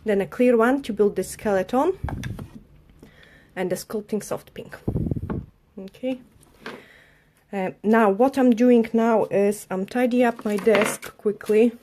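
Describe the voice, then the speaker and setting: Woman nail artist, unhurried live-stream chatter, mid-pitched voice, loose non-native phrasing. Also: a little mellow, slight background noise. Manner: chatty, narrates as she tidies her desk. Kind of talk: live-streamed tutorial chat. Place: home work desk.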